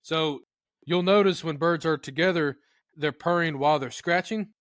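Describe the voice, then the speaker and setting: A man whose voice sits on the high side talks at a moderate pace in a dry, studio-quality recording. He's a guest turkey-calling expert giving a lively, casual how-to, acting out turkey sounds in amusing voices.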